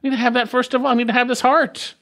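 A man's voice: extremely high pitch, level tone, rapid-fire, fairly bright tone. A man preaching an expository sermon, emphatic, repeating key phrases and putting questions to the listeners. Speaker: pastor.

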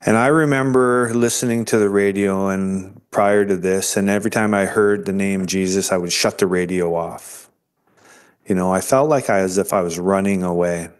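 A man's voice: low voice, steady tone, moderate pace, clean tone. A man in an interview, earnestly telling his personal faith story, often restarting and repeating words. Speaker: interview guest sharing his faith testimony.

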